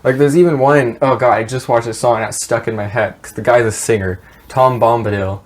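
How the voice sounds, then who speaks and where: A man's voice: mid-range voice, steady tone, fairly quick. A man co-hosting a podcast in casual chat, rambling and swearing as he retells stories with laughs. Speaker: podcast co-host. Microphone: podcast mic.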